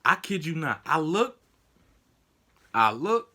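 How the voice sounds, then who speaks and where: A young man vlogger telling a story casually, acting out the people in it with sudden high outbursts. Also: slow. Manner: animated, acts out quotes with sudden high-pitched outbursts.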